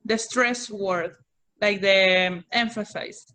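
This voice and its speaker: A woman's voice: medium pitch, steady tone, takes it slowly, pushed and bright. A woman teaching an online English class, patiently repeating instructions and checking that students understand.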